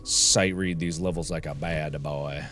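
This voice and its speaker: A man commenting on a video game as he plays it, loud and exasperated, swearing freely and breaking into sudden yells. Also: extremely low pitch, steady tone, a little slow, soft background music. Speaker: let's play host.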